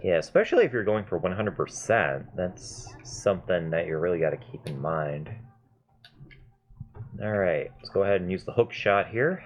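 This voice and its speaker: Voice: sits low, lively intonation, normal speed, a little hiss or hum. A gamer in their mid twenties giving chatty, self-mocking gameplay commentary and swearing freely. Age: mid 20s. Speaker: gaming video host.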